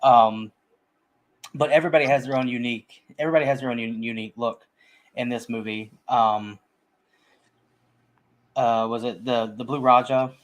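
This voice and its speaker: A man's voice: mid-range voice, steady tone, normal speed, pauses often. A man in casual conversation about a film, talking in a rambling way with frequent restarts and fillers. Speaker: movie podcast co-host.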